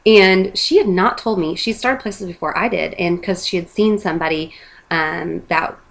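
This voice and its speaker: A woman's voice: on the low side, normal speed, creaky. A woman in her thirties, a mother, earnestly talking about a product she believes in, with many fillers and restarts. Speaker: product promoter. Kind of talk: casual testimonial monologue.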